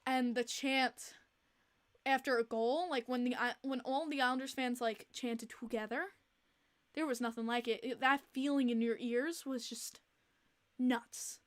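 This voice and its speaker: High-voiced, animated woman podcast host. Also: measured pace. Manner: animated and exasperated, repeating herself; chatty, with many fillers. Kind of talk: casual livestream chat.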